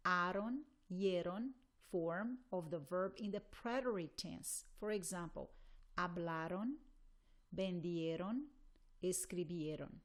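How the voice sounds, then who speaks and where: Slow, deliberate woman Spanish teacher. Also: lowish voice, slight background noise. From Spain. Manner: deliberate, reads out conjugation lists one by one. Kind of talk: recorded grammar lesson.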